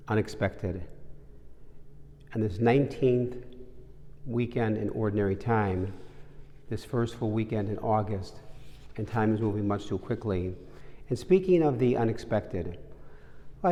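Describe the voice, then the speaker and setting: Priest with a mellow voice in a cathedral. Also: male voice, on the low side. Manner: warm storytelling, conversational. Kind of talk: sermon reflection. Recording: long reverb of a large cathedral.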